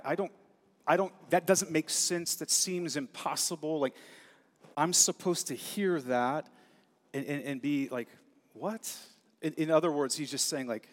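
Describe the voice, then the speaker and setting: A man's voice: fairly high pitch, close to an everyday voice. Pastor playing an incredulous old man, exasperated, in a reverberant hall. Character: doubtful old priest, incredulous.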